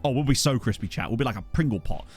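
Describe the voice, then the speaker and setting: Chatty streamer with a lively voice. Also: male voice, medium pitch, racing, husky, faint music behind. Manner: rambling, chatty, addresses viewers. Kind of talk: casual live-stream chat while playing. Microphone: desktop USB mic.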